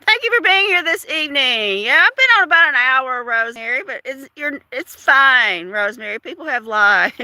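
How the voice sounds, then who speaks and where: A woman's voice: high-pitched, expressive, normal speed, pushed and bright, dry recording. An older woman hosting a casual livestream, chatting in a gossipy way, laughing often and asking her viewers questions. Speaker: livestream host. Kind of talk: casual live chat.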